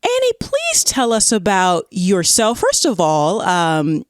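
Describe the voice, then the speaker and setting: Southern lady podcast cohost, bouncy lively voice, laughs a lot, dry close mic. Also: slow, no room sound. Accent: Southern American. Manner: bubbly, laughs often, swoops up high. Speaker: podcast co-host. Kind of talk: casual comedic chat.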